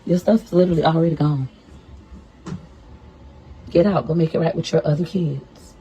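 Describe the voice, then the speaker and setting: A woman's voice: low voice, moderate pace, dark tone, lo-fi sound, a little hiss or hum. A woman in a played video clip, cursing as she scolds a man and orders him to get out. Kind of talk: angry confrontation.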